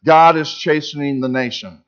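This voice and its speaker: A pastor giving a sermon in church, preaching with emphasis and asking the congregation rhetorical questions. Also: male voice, fairly high pitch, fairly even intonation, normal speed, clean tone, highs cut off.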